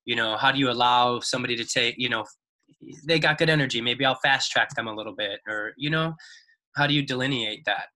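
A man's voice: medium pitch, brisk, bright, forceful tone, poor audio. A man as a podcast guest, telling a story in a laid-back way, full of fillers and "like". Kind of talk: casual interview storytelling.

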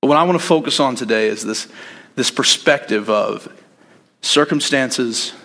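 A man's voice: medium pitch, normal speed, vocal fry, fairly bright tone. A man preaching a sermon in a conversational, reflective and earnest way. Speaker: pastor.

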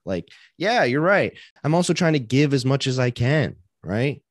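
A man's voice: medium pitch, expressive, moderate pace, few pauses, no echo, clean studio sound. A man co-hosting a casual faith podcast, talking earnestly and thinking aloud with frequent restarts. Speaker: podcast co-host.

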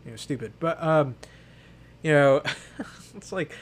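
A man's voice: on the high side, lively intonation, a little slow. A young man co-hosting a podcast, telling a long personal story in casual chat, rambling and packed with fillers. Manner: rambling, heavy use of fillers like "like" and "you know". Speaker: podcast co-host.

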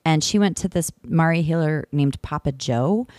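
Low-voiced woman chatting in a rambling way. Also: normal speed, no echo, studio quality. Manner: rambling, animated storytelling with many fillers and restarts. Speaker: podcast host. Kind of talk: casual chat. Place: in the UK, visiting family.

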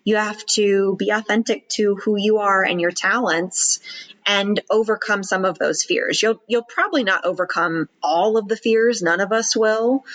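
A woman public speaking coach chatting in an interview, slipping into quick acted-out inner voices to make her point. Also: fairly low pitch, a bit bright, poor audio. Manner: acts out worried inner voices in quick asides. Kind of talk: podcast interview chat.

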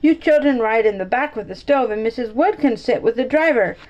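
A woman reading a children's chapter book aloud to a child, lively, with small slips and restarts. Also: fairly quick, rough recording. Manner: lively, pitches up for children's lines.

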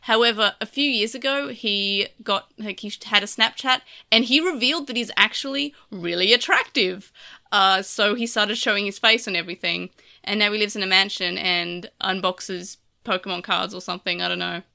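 An Australian woman hosting a podcast, her voice bright and crisp. She talks in a loose, rambling way and leans on lots of "like" fillers. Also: medium pitch, normal speed. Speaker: podcast host reading listener comments. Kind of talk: casual chat.

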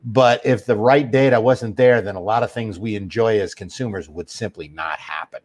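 A middle-aged man with a lowish voice talks through his subject in a steady, explanatory way, leaning on everyday examples. He sounds like an interview guest walking a host through the basics. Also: moderate pace. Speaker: guest expert on master data.

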